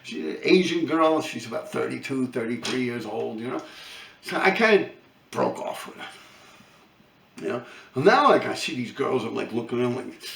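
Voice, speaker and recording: A man's voice: mid-range voice, normal speed, vocal fry, reverberant, distant mic. Rambling, cursing New York man in his fifties. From New York City. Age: 50s. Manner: profane, rambling, animated, laughs a lot. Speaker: vlogger. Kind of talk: casual storytelling rant.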